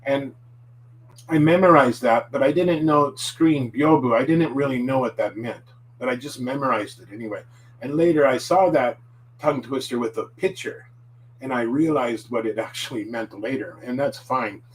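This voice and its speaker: A man of middle pitch talks through a casual lesson, patient and conversational. He drills words slowly so listeners can repeat them, slipping in fillers and corrections. A faint hum sits under the recording. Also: low-quality recording. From United States. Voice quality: relaxed, chatty with fillers and self-corrections. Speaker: language teacher.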